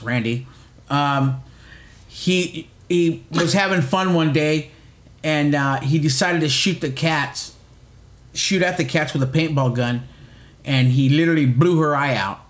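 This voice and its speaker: A man's voice: a little high, a little slow, roomy sound. Rambling middle-aged man telling a story. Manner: rambling storyteller, frequent restarts and swearing. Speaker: podcast co-host. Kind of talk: casual chat.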